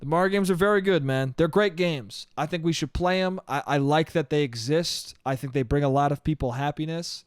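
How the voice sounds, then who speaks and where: A man's voice: on the high side, brisk, hardly any pauses, no echo, studio quality. A man hosting his own podcast, talking alone in a rambling, profane way and calling everyone "dude". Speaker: podcast host. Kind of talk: casual solo podcast monologue. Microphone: studio podcast mic.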